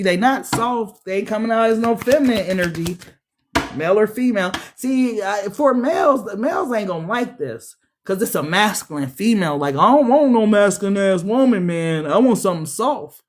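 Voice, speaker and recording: Over slight background noise, a fairly high-pitched woman reads tarot cards during a laid-back livestream. Her delivery is sassy and slangy, blunt, and full of profanity.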